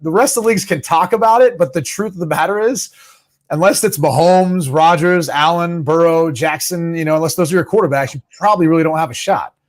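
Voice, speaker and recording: A man's voice: a little high, fairly quick. A man appearing as a football analyst guest on a podcast, talking confidently and plainly. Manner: confident, plainspoken, uses fillers. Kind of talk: casual sports chat.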